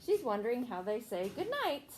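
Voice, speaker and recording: A high-voiced young woman reads a picture book aloud to a small child, her voice rising and falling in a gentle sing-song. She pauses often to ask the child questions. A faint hiss of background noise sits under the recording. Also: big pitch swings, rough recording. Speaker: teacher.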